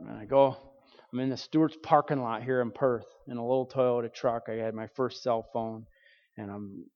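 A male pastor telling a personal story from the pulpit in a conversational way, with fillers and restarts. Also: mid-range voice. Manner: conversational, acts out quoted voices, frequent fillers and restarts. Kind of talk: sermon storytelling. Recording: dull reverberant hall recording.

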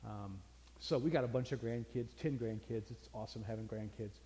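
A man's voice: fairly low pitch, fairly quick, dark tone, slight background noise. Brief: older male pastor, folksy storytelling sermon, echoing hall.

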